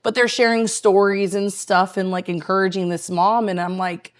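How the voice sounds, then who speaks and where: A woman's voice: mid-range voice, fairly even intonation, moderate pace, few pauses. A woman guest telling a heartfelt personal story in casual conversation, earnest and rambling with lots of fillers. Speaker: guest, tea room owner.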